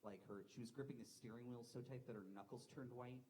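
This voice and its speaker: A man's voice: mid-range voice, fairly even intonation, fast talker, mellow, poor audio. Young man doing profane stand-up. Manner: rambling, profane, self-deprecating storytelling. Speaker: stand-up comedian. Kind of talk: live stand-up set. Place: comedy club stage. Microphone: handheld stage mic.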